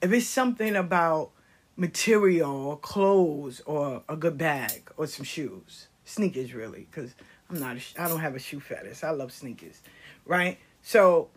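A middle-aged woman sharing life lessons in a passionate, animated monologue, dropping into whispered asides. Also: deep voice, measured pace, husky. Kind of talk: conversational monologue.

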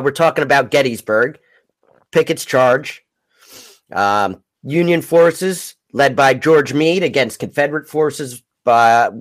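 A man hosting a podcast, recounting battle history in a halting, rambling way. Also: medium pitch. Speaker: podcast host. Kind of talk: casual history talk.

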